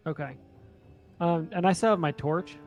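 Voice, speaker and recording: A man's voice: fairly high pitch, normal speed, over music. A man playing a tabletop game, talking in an unsure way as he thinks aloud about his moves. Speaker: player. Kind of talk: casual tabletop play.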